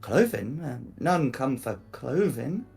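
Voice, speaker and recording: A man voicing a soft-spoken, feminine hooded figure who speaks primly. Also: mid-range voice, big pitch swings, slow, creaky, breathy edge, soft background music, heavily acted.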